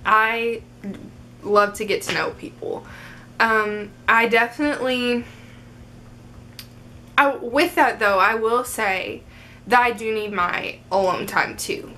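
A woman's voice: on the high side, slow pace, pauses often, bright, forceful tone, slight background noise. Chatty young woman vlogging. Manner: chatty, upbeat, lots of fillers like "um" and "like". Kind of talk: casual get-to-know-me Q&A.

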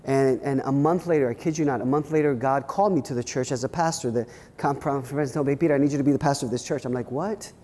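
Animated male pastor in a reverberant hall. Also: medium pitch, fast talker, slight background noise. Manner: animated storytelling with many restarts. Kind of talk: workshop talk with personal stories. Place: church hall at a leadership weekend.

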